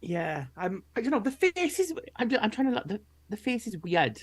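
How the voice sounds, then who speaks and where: A man's voice: high-pitched, big pitch swings, moderate pace, husky. A man co-hosting a casual talk stream, hesitant and full of fillers. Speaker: co-host. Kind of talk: casual chat.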